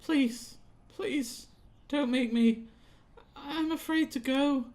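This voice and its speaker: A man's voice: very high-pitched, slow pace, darkish tone, pitched above the performer's own voice. A man voicing a frightened teenage girl singer who pleads and begs to stay inside, in a video game playthrough. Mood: pleading. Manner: pleading, fearful.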